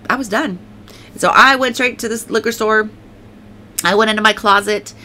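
A woman's voice: mid-range voice, moderate pace, sharp tone, a little hiss or hum. A middle-aged woman giving a personal faith testimony, talking emotionally with many restarts and fillers. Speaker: testimony speaker.

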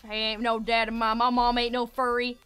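A woman putting on a whiny, bratty southern kid boy who nags his mom loudly, as a comedic voice while streaming a game. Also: fairly high pitch, completely flat delivery, normal speed, clear, resonant tone, faint music behind, close to an everyday voice. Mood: indignant. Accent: Southern US, put on. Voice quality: whiny, loud and demanding.

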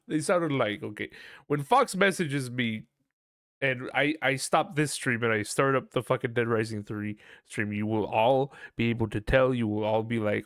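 A man chatting casually on a live game stream, profane and animated, breaking into loud laughs. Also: mid-range voice, normal speed, no echo, studio quality.

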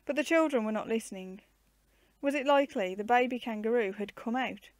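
A woman narrating a classic children's book aloud in a gentle, clear storytelling manner. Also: on the high side, a little fast, no room sound.

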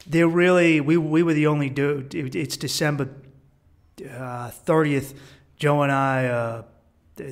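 A man from Boston, a travel vlogger, telling a story in a casual, animated way and laughing often. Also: medium pitch. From Boston, USA.

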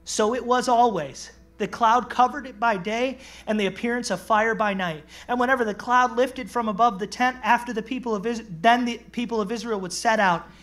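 Animated bright-voiced pastor preaching. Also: male voice, very high voice. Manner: animated, acts out voices, exclaims and laughs. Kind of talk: sermon. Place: church.

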